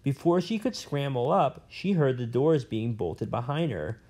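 A man's voice: mid-range voice, expressive, measured pace, a little mellow, husky. Man reading a novel aloud. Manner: plain reading with slips and an aside. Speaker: reader.

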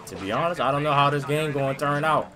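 A man hosting a gaming video, giving excited, slangy commentary while he plays, often yelping or shouting. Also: a little high, quick pace. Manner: jokey, yelps and shouts at sudden moments, slangy. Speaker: gaming channel host. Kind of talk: excited live gameplay commentary. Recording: gunfire and game noise clearly behind.

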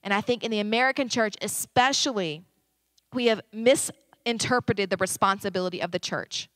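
A woman in her thirties, a pastor, preaching a sermon in a conversational, animated way from a church stage. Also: mid-range voice, moderate pace, no room sound.

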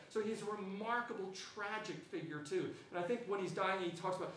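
A man with a New Zealand accent gives an animated public history lecture, keeps checking in with "right?", and talks in a fairly high voice. He is recorded from across a lecture hall with heavy echo and a faint hiss underneath. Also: fairly quick, few pauses. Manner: animated, frequent "right?" tag questions. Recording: echoey hall from far off.

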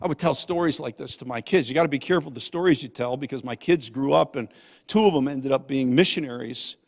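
An older man, a guest pastor, telling a family story in a sermon, swinging from loud to hushed. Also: medium pitch, fast, creaky. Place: church sanctuary. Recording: long church hall reverb.

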